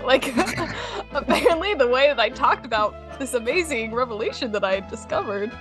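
A woman's voice: fairly high pitch, moderate pace, over music. Giggly young woman chatting. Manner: giggly, animated storytelling. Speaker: podcast co-host. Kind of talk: casual chat.

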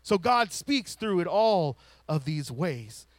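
A man preaching a sermon, rising to loud emphatic lines and falling to soft hushed ones. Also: high voice, very animated, takes it slowly, no room sound. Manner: drops to a whisper to show a still small voice.

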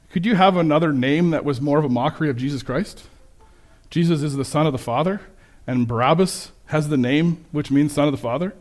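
A man preaching a sermon with slides, conversational and self-correcting, turning animated when he quotes people. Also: a little high. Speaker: pastor.

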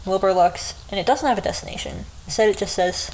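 A woman's voice: mid-range voice, fast, a little mellow, a little hiss or hum, poor audio. A woman retelling a story in a casual, chatty way, often breaking into giggles. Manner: giggly, chatty, frequent laughs.

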